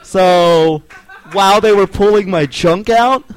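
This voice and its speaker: A man's voice: sits high, slow, clean tone. A man in his twenties, guest on a podcast recorded in a bar, joking and swearing in casual banter. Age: 20s. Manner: joking, swearing, self-deprecating.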